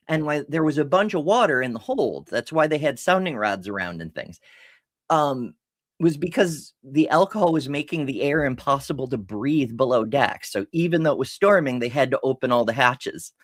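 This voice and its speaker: A woman's voice: sits low, no echo, studio quality. A woman hosting a casual live stream, telling a story in a rambling way, often breaking off mid-sentence and laughing.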